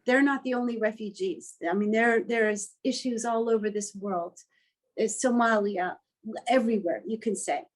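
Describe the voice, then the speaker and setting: A woman's voice: a little high, fairly even intonation, normal speed, poor audio. A woman artist telling a story in an interview, speaking in a heartfelt, earnest and openly emotional way.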